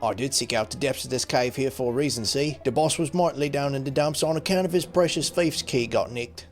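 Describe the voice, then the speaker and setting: A man's voice: mid-range voice, a little fast, faint music behind, lightly acted. A man voicing a bumbling, apologetic male thief with a put-on British accent and mock-old-fashioned speech. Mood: contrite. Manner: mock-archaic, rambling.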